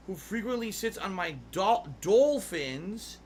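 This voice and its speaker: A man's voice: fairly high pitch, sing-song, moderate pace, pushed and bright, slight background noise. A man casually chatting on a gaming livestream, rambling and musing aloud with some swearing, yawny tonight. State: yawny, sleepy. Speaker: streamer.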